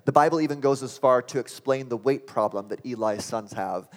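A man's voice: medium pitch, fairly quick. A man preaching a sermon, earnest and building to impassioned exclamations. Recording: long hall reverb.

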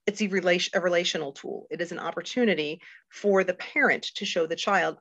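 A woman's voice: on the low side, a little fast, a bit bright, dry recording. A middle-aged woman, a guest on a faith podcast, talking candidly and earnestly with many fillers and restarts. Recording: dull lo-fi dry recording.

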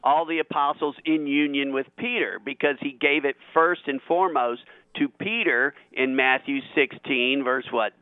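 A man who is a guest on a call-in radio show, talking in an animated way and getting excited as he argues his point. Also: normal speed, no echo. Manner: animated, grows excited and high when making a point. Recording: tinny phone line.

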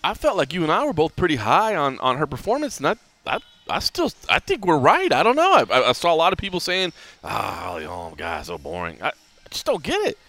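A man hosts a casual sports podcast, talking fast and with lots of energy. His voice is bright and swings widely in pitch. It is recorded close and dry, and he restarts his sentences often as the thoughts tumble out. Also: dry recording. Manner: animated, talks fast with many restarts. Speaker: podcast host.

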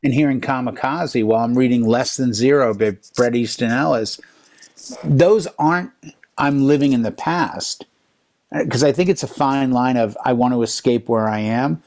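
A man in his fifties, a DJ, telling a string of stories in a relaxed chat. His pitch sits in a middle range, and he gets animated as he acts out what other people said. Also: moderate pace. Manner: animated storyteller, voices other people's lines in quotes. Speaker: DJ and podcast co-host. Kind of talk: casual chat.

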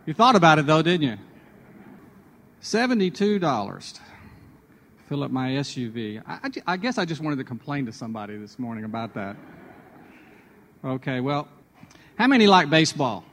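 A man with a somewhat high voice talks in a chatty, storytelling way on a radio devotional. He moves from personal anecdotes to a spiritual lesson. A long hall reverb trails after his words. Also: sing-song, normal speed, long pauses, fairly bright tone. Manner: chatty, personal anecdotes building to a sermon point.

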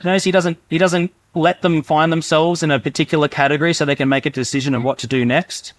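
A man's voice: on the high side, fairly even intonation, fast. Conversational man preaching a sermon. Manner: conversational preaching, acts out inner voices. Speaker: pastor.

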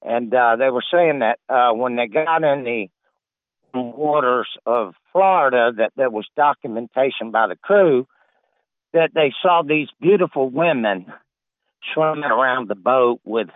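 A male caller telling a story in a laid-back, drawn-out way with many pauses. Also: mid-range voice, no room sound. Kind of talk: casual call-in chat, telling a joke. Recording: tinny phone line.

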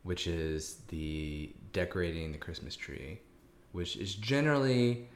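Low-voiced man musing on a film. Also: expressive, measured pace. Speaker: podcast co-host. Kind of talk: casual movie review chat.

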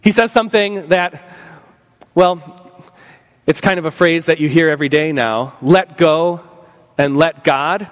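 A man preaching a sermon from the pulpit in a high voice. He talks earnestly and acts out what imagined people might say. His voice rings on in the long reverb of the church sanctuary. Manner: earnest, voices imagined speakers, slows for emphasis. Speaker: pastor.

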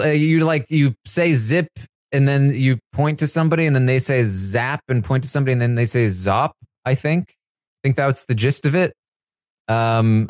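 A man's voice: mid-range voice, no room sound, studio quality. A man hosting a casual solo recap, talking loosely with many fillers and restarts. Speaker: live feed recap host.

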